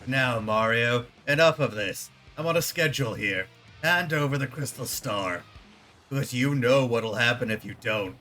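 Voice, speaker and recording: A man's voice: medium pitch, measured pace, pushed and bright, pitched below the performer's own voice. A man voicing a boastful scheming male villain who mocks and barks orders, with faint game music behind. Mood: gloating. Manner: smug, mocking, barking orders.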